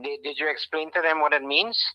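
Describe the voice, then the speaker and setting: A man's voice: a little high, fairly even intonation, fairly quick, dry recording, highs cut off. A middle-aged man with a slight Trinidadian accent, chatting in an easygoing, amused way as a father on a call.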